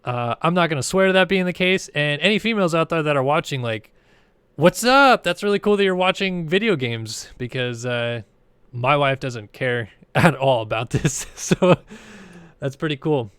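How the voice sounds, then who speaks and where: A man's voice: a little high, normal speed, fairly bright tone, clear, resonant tone, no echo. A man casually commentating a racing game stream in a rambling, laid-back, chatty way.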